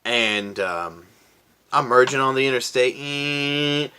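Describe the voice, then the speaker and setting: Young man, vlog storytelling, casual, profane, laid-back, middle-pitched voice. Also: lively intonation, takes it slowly, pushed and bright, clean tone. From Florida. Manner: profane, laid-back, quoting himself in a raised voice. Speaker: vlogger.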